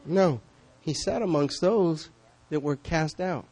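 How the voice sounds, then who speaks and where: A man preaching a sermon as pastor, conversational and questioning, swinging between loud calls and hushed asides. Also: on the high side, takes it slowly. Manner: conversational, asks the congregation questions.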